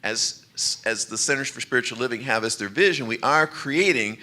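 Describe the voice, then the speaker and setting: A man's voice: mid-range voice, moderate pace, bright, forceful tone. A man giving a sermon as a minister, in a conversational, light way, laughing often. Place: church sanctuary.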